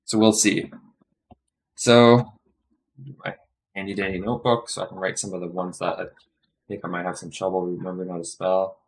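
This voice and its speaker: A man with a low, level voice live streams his study session, thinking out loud in a rambling way. He keeps correcting himself and slowly sounds out phrases.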